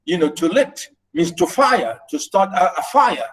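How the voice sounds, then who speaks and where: A middle-aged man whose first language is Arabic, lecturing a literature class online, talking haltingly with many fillers and repeated words. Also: high-pitched, sing-song, fairly bright tone, low-quality recording.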